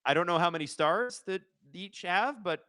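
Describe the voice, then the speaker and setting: A man in his thirties hosts a live stream in casual, joking chat. His voice sits a little high and rings bright and forceful. He reads viewer comments aloud and slips into quick play-by-play of the game. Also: expressive, smooth, no room sound. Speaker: host of a live watch-along stream.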